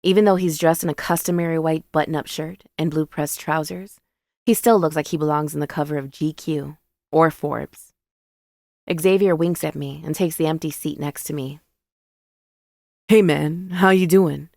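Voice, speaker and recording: Woman reading a romance audiobook, low voice w some fry, measured and wry. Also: steady tone, darkish tone, no echo, studio quality. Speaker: audiobook narrator. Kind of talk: first-person romance novel narration.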